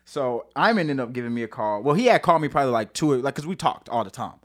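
Animated, cursing man telling his story. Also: mid-range voice, fast talker. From St. Louis, USA. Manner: animated, laughing, heavy use of "like" and swearing. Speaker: podcast guest, singer-songwriter. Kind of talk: casual storytelling conversation.

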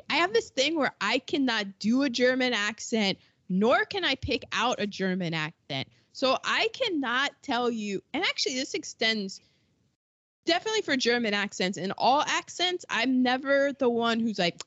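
A woman's voice: fairly high pitch, a bit bright, no room sound. Chatty woman, dry dull sound. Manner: chatty, rambling with restarts. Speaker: podcast co-host. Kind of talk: casual chat. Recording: dull lo-fi recording.

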